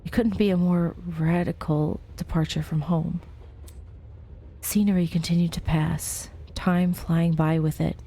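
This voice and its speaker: A woman's voice: lowish voice, steady tone, unhurried, warm tone, breathy edge. Chatty woman reading a game aloud. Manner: chatty, giggly asides while reading story text. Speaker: let's play host. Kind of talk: casual game playthrough, reading text aloud.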